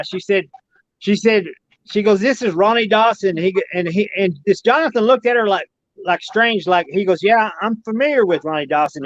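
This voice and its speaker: Rambling high-voiced man. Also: fairly bright tone, no echo, muffled recording. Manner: rambling, repeats "she said" often, folksy. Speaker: podcast guest recounting an alien encounter. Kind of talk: casual storytelling.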